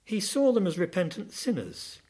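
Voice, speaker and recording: Lively, dramatic male preacher. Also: high-pitched, normal speed, husky. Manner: dramatic, rising and falling emphasis. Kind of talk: sermon.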